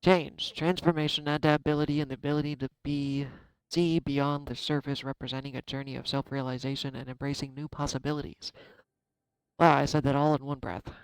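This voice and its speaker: A man giving a casual tarot card reading, chatty and self-deprecating, thinking out loud. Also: medium pitch, flat delivery, brisk, smooth, no echo, low-quality recording. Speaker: tarot reader.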